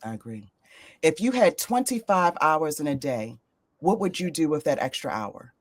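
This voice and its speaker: A woman hosts a relaxed interview, her voice sitting low. She talks in an upbeat, playful way and leans hard on key words. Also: normal speed. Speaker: podcast host. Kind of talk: casual interview.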